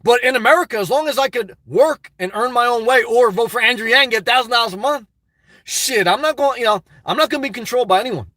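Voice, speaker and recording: A man with a high, bright voice rambles through a livestream, crude and excitable, jumping from thought to thought. The sound is dry and close, recorded from inside his car. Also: fast talker, dry recording. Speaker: livestream host reading chat. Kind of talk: rambling casual livestream chat.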